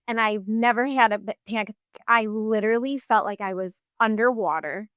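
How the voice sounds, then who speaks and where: A woman's voice: mid-range voice, fairly even intonation, moderate pace, a bit bright, no echo, clean studio sound. A woman in her thirties, a podcast guest telling her personal story in a casual, chatty way full of fillers.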